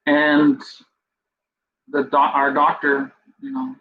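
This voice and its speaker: A podcast host telling a personal story in a rambling way, full of fillers like "you know", and emotional to the point of tears. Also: male voice, fairly high pitch, monotone, slow pace. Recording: dull lo-fi recording with faint background noise.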